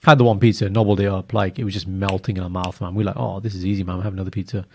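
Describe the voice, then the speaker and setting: A man co-hosting a podcast in casual, animated chat, laughing and using slang. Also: deep voice, racing, vocal fry, slight background noise. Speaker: podcast co-host.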